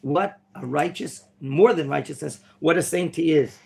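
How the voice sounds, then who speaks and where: A man teaching an interactive Torah class in a classroom, quizzing his students and now and then bursting into theatrical excitement. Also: on the high side, normal speed, gravelly. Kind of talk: interactive Bible lesson. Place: classroom at a yeshiva.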